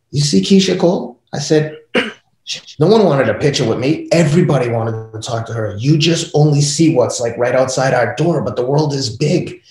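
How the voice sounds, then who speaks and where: A middle-aged man, a podcast guest, telling family stories in a casual interview, acting out the voices of his kids and wife. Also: mid-range voice. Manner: animated, acts out family dialogue. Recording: echoey room.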